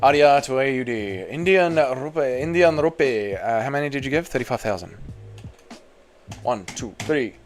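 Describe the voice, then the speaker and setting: A man's voice: mid-range voice, animated, normal speed, faint music behind. A man with an Australian accent chatting casually on a livestream, reading donations and swearing in matey banter. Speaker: MMA YouTuber streaming live.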